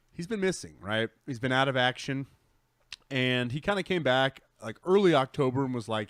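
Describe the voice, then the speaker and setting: A man's voice: mid-range voice, expressive, a little fast, fairly bright tone, no echo, studio quality. A man co-hosting a live gaming podcast in casual chat, rambling and correcting himself as he goes. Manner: rambling, self-correcting, enthusiastic. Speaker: podcast co-host.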